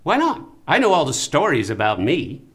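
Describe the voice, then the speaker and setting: A man's voice: on the high side, wildly swooping pitch, normal speed. An actor playing a vain, self-absorbed male marketing executive in an audio drama, pushy and prone to stammering. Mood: scheming. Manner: pushy and self-assured, stammers when flustered. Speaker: client faking his death.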